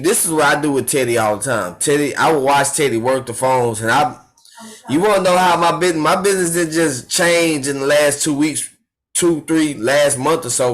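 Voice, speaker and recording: A man's voice: medium pitch, brisk. A man leading a team training call, casually praising a colleague with anecdotes. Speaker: team leader hosting the training. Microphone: video call.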